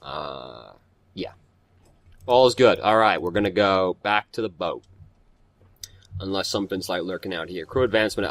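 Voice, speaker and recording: A man's voice: sits low, animated, a little slow, pauses often, fairly bright tone, no echo, soft background music. Casual man reading game text aloud. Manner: casual, swears, stumbles over words while reading. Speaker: let's play host.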